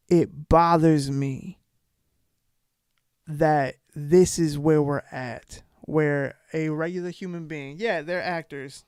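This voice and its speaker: A man hosting a commentary channel, ranting in a heated, exasperated way that swings from shouting to quiet muttering. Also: fairly high pitch, steady tone, slow pace, smooth, no room sound, studio quality. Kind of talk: reaction commentary rant.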